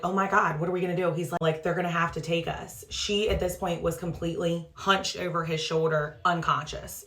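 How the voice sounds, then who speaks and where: A woman in her thirties, a mother casually retelling a frightening family story for her vlog, full of "like" and "um" fillers. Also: deep voice. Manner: trying a skincare product while talking.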